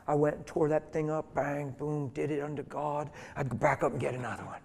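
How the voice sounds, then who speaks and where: Emphatic middle-aged preacher in a reverberant hall. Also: male voice, fairly high pitch, a little fast, gravelly, hardly any pauses. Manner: animated, emphatic, acts out quoted voices. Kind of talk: storytelling sermon.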